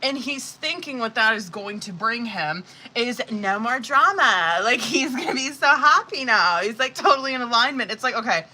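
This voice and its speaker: A woman's voice: a little high, lively intonation, normal speed, bright, forceful tone, slight background noise, low-quality recording. A woman running a live-streamed tarot reading in a casual, rambling way, with heavy swearing, many fillers and exasperated asides. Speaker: tarot reader.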